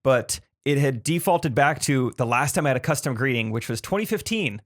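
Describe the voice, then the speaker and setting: Deadpan man telling a story. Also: mid-range voice, a little fast. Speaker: podcast co-host. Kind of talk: casual chat.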